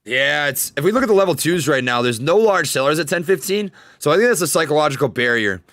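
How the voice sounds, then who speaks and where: Young minnesota guy, fast hyped chatter, kinda high voice, dry close mic. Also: no room sound. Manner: fast-talking, energetic hype. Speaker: podcast host. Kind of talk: casual trading livestream chat. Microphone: studio desk microphone.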